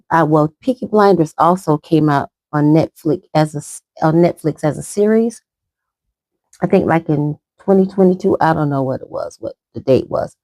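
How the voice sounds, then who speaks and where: Chatting casually while she does her makeup, a middle-aged vlogger rambles through a tutorial. Her voice is low-pitched with a darkish tone, and there's no room sound.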